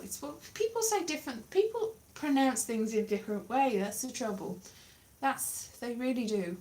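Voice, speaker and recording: A woman's voice: a little high, big pitch swings, measured pace. A woman chatting to a live audience in a rambling, self-deprecating way, wandering off topic. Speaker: livestreamer. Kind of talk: casual rambling chat.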